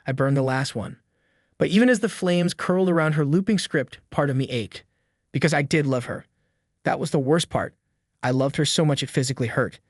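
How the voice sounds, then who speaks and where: A man's voice: a little high, fairly quick, no room sound, clean studio sound. A man reading a scripted first-person drama story in a somber, earnest way. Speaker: narrator.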